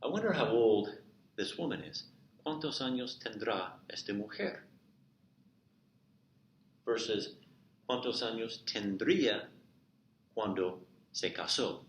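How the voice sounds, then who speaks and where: Man, Spanish teacher, recorded lecture, deep-ish voice, faint hiss. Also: lively intonation. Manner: explains slowly, repeats Spanish examples. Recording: echoey room with faint noise.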